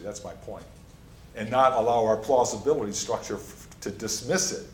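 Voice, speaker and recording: A man preaches a sermon in an emphatic teaching voice, leaning on key phrases and repeating them. His pitch sits in a middle range, and the sound carries a noticeable room echo, as from a church sanctuary. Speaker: pastor. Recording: echoey room.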